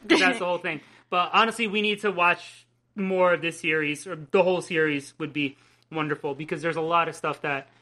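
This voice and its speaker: Casting: woman co-host with a bright, forceful voice, chatty and swearing casually. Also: on the low side, fairly quick. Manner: enthusiastic, swears casually, acts out quotes. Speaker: podcast co-host. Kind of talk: casual chat recapping a cartoon episode.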